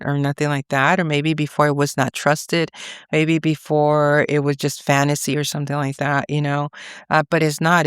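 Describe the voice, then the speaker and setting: A woman's voice: sits low, clean tone, no room sound, clean studio sound. A woman vlogger giving casual astrology talk, rambling and chatty, often checking in with "okay?" and "you know".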